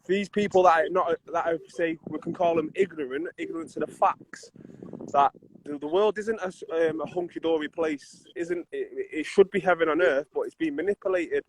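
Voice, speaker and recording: A man explaining his views as a podcast guest, earnest and halting. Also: on the high side, a little hiss or hum, poor audio.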